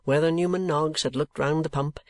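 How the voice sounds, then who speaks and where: A man reading a classic novel aloud as an audiobook, in measured, even scripted narration. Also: on the high side, no echo, studio quality. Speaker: audiobook reader.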